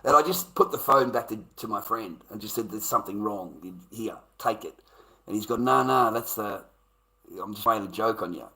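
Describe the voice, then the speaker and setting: Rough audio captures a middle-aged man with an Australian accent rambling through stories on a livestream. He swears and laughs throughout the casual rant, his lowish voice pushed and bright at normal speed.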